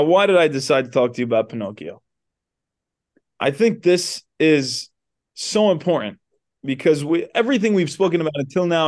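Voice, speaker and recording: A man teaching a class in a synagogue, retelling a story loosely with many asides. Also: on the high side. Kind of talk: storytelling lecture.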